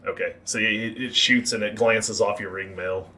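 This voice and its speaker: Bright-voiced man running a tabletop game. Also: fairly low pitch, moderate pace, a little hiss or hum. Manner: relaxed, rule-explaining, hesitant fillers. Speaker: game master.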